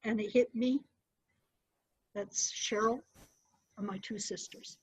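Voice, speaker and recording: A middle-aged woman, a storyteller, recounting a personal story with animated delivery. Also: mid-range voice, slow pace, slightly rough. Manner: animated, lively retelling with acted-out quotes. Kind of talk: personal storytelling to a small group. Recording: dull, muffled dry recording.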